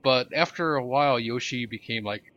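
A man gripes in a sarcastic, opinionated way during a casual podcast chat. His voice sits at an ordinary middle pitch. The sound is dull, like a lo-fi recording. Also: normal speed, a bit bright, a little hiss or hum.

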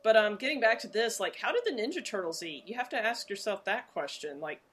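A woman's voice: mid-range voice, animated, a little fast, fairly bright tone, slightly rough. A woman co-hosting a podcast in casual chat, rambling with lots of fillers. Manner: chatty, rambling with many fillers. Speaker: podcast co-host.

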